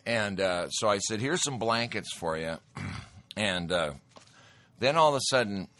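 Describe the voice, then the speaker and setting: Animated man with a bright, forceful voice. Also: fairly low pitch, moderate pace. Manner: animated, acts out his own lines in quotes. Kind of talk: casual storytelling.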